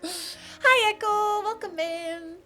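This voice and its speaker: Woman streamer, high voice, sleepy, playful chatter while gaming. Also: takes it slowly, bright, forceful tone, faint music behind. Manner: playful, baby talk to a pet. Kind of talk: casual chat while gaming.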